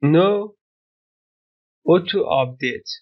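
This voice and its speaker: Tutorial host, male, high voice, slow, simple broken English, dull lo-fi recording. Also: lively intonation. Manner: non-native English with broken grammar, step-by-step instructions. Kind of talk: screen-recorded software tutorial.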